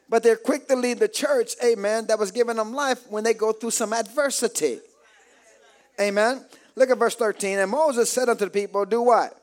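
A man preaching a call-and-response sermon, shouting rising phrases and calling out to the congregation for amens. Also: sits high, moderate pace.

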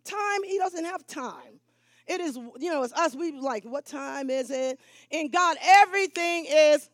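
A woman preaching a live church sermon, swinging from hushed tones to shouting and calling for responses from the congregation. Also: high voice, no room sound. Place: church service. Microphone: stage mic with monitor.

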